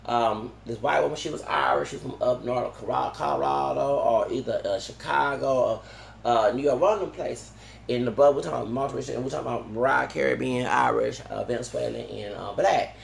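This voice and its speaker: A man with a heavily gravelly voice talks on in a digressive, loose monologue. He keeps restarting his sentences and tacking on "okay?" as he goes. The sound is roomy and echoey, with faint ambience underneath. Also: mid-range voice, fairly quick, a little hiss or hum. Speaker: vlogger. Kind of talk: rambling monologue.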